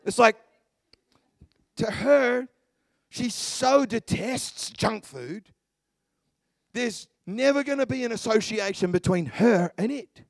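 A middle-aged man preaching a sermon with passion, swinging from hushed murmurs to shouts. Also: extremely high pitch, slow pace, gravelly, pauses often, no echo, studio quality.

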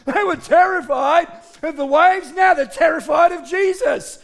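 A middle-aged man preaching a sermon to his congregation, joking with them and shouting key points for emphasis. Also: very high voice, animated, moderate pace, gravelly, few pauses. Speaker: pastor.

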